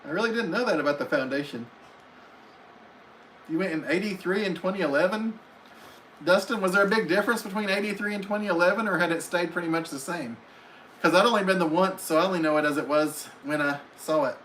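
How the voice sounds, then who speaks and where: A man with a somewhat high voice hosts a casual live stream from home. He chats easily, reading out viewers' comments and answering them one by one. Faint noise sits under his voice. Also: quick pace, a bit bright, rough recording. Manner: reads viewer comments aloud in friendly, chatty replies.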